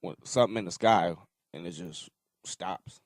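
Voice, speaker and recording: A man's voice: sits low, no room sound, clean studio sound. A man co-hosting a podcast in casual chat, blunt and joking, heavy on slang. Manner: blunt, joking, slangy, acts out quick voices. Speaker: podcast co-host.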